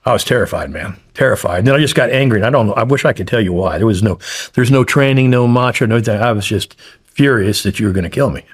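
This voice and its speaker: A man's voice: on the low side, quick pace, husky. A middle-aged man, a guest on a podcast interview, telling his story bluntly with plenty of swearing. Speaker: guest, former hostage.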